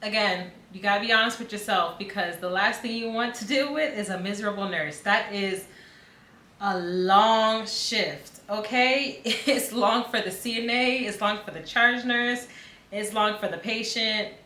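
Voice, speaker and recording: A woman's voice: medium pitch, measured pace, bright, forceful tone. A woman who worked as a nurse, giving blunt, frank advice. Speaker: nurse commentator. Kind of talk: direct advice. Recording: echoey room.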